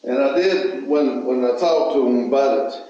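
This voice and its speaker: A man hosting a casual chat about a small garage channel, talking in a rambling way with halting restarts. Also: mid-range voice, warm tone, a little hiss or hum. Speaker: channel host. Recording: very echoey, dull lo-fi room.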